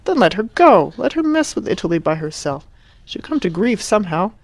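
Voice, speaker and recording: A woman's voice: mid-range voice, big pitch swings, a little fast, darkish tone, dry recording. A woman reading the part of a cynical, sulky young Englishman who speaks in a petulant way. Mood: vehement.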